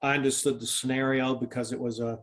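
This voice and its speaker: A man's voice: mid-range voice, little pitch movement, fast talker, a crowd in the background. An older man, a former football kicker, telling a long story in a casual interview, with many restarts and fillers.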